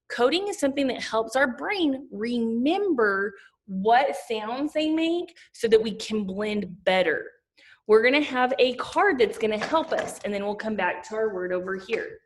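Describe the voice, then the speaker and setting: A woman teacher giving a slow, sing-song phonics lesson to young children, asking them questions as she sounds out letters. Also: fairly high pitch.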